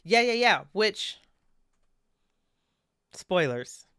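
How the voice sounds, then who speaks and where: A woman hosts a live stream in a bubbly, giggly way. Her voice sits at a middle pitch, and the sound is close and dry with no room around it. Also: sing-song, extremely slow, a bit bright, clean tone, no room sound. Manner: bubbly, laughs often, talks to her dog. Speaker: stream host. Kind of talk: casual live-stream chat.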